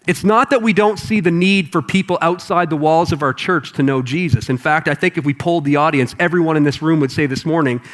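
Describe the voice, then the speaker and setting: High-voiced pastor preaching. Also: male voice, brisk, hardly any pauses. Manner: conversational, animated preaching. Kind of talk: sermon. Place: church auditorium with congregation.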